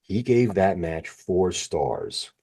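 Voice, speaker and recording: A middle-aged man co-hosting a podcast, reading out match results and rating them in a halting, plain-spoken way. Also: sits low, big pitch swings, dark tone, husky. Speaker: podcast co-host. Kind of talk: casual wrestling chat, reading results.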